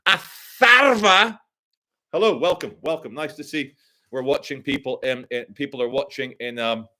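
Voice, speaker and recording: A man's voice: mid-range voice, fairly even intonation, moderate pace. A man hosting a live stream, rambling through commentary with a sarcastic, crude humor.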